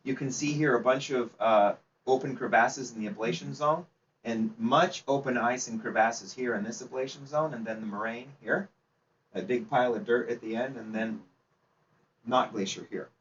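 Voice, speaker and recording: A man's voice: mid-range voice, normal speed, a bit bright. Man teaching a club seminar from afar. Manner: chatty, asks the audience questions, laughs easily. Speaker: seminar presenter. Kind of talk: informal slide presentation to a club audience. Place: meeting room. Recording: distant, dull, faint background noise.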